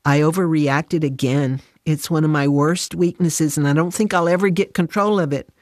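A woman voicing an upset, defensive working mother who protests in a high, emotional voice. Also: steady tone, moderate pace, darkish tone, dry recording, studio quality, close to an everyday voice. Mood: contrite prayer.

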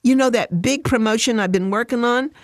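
A woman voicing an upset, defensive working mother who protests in a high, emotional voice. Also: animated, moderate pace, dry recording, clean studio sound. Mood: frustrated, defensive.

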